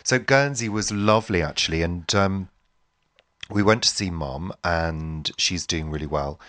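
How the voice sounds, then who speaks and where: A man's voice: sits low, unhurried, a bit bright, dry recording. A middle-aged man co-hosting a podcast in casual chat, teasing and mock-grumpy in his banter. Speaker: podcast co-host.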